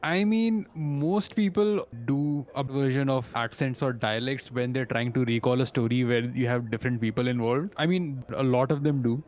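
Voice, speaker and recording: An Indian-accented man hosts a relaxed chat, thinking aloud and circling back on himself. His voice is mid-pitched and unhurried. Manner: reflective, rambling with restarts. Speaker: podcast host. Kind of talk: casual chat.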